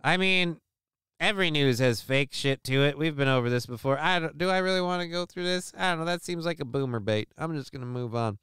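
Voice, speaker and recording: A man's voice: fairly high pitch, a little fast, a bit bright, smooth, no room sound, studio quality. A man hosting a live stream show, talking casually and rambling through news stories in a crude, sarcastic way with lots of swearing.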